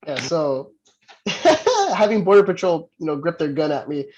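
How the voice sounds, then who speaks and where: A man from Southern California, a pro wrestler guest, telling a story in casual chat, animated, laughing often and restarting his sentences. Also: fairly high pitch, normal speed. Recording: muffled lo-fi sound.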